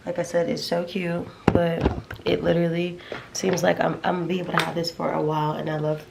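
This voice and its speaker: A woman's voice: lowish voice, completely flat delivery, brisk, creaky, very noisy. A young woman from Florida, chatting casually to viewers in a vlog, rambling and calling them y'all. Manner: chatty, rambling, addresses viewers as y'all, baby-talks to her dog. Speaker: vlogger. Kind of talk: casual vlog chat to camera. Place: home, then inside a parked car.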